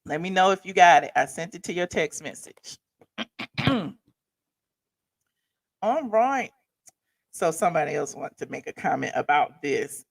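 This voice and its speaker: A woman's voice: low voice, animated, a little slow, vocal fry, pauses often. Woman, Southern accent, livestream host, folksy, chatty, explains legal filings. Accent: Southern American. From American South. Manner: folksy, chatty, reads court filings aloud and explains them. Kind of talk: casual commentary on legal news.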